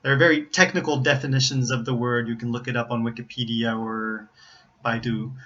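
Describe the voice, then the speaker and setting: American man, pronunciation teacher, bright clear voice, careful repeated examples, slightly dull recording. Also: mid-range voice, steady tone, a little fast. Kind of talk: explaining pronunciation to learners.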